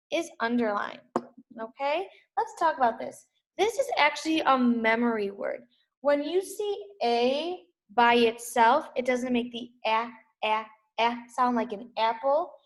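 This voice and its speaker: A young woman teaching a recorded reading lesson to small children, sounding out letters and words with steady encouragement. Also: high voice, echoey room.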